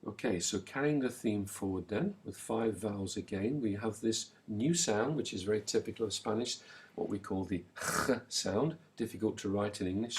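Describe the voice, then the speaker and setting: A man teaching a recorded language lesson, slowly and clearly modelling words and pausing so the listener can repeat them. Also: on the low side. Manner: slow, clear modelling of words with pauses for repetition.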